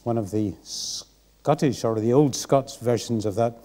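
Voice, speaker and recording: A man's voice: medium pitch, a little slow, mellow. A man preaching a sermon in church, earnest and reflective. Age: 60s.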